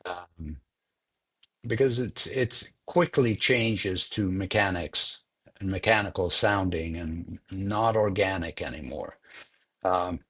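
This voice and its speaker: An older man, a film sound editor being interviewed, telling a story in an unhurried, conversational way and repeating words as he thinks. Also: low voice, fairly bright tone, breathy edge.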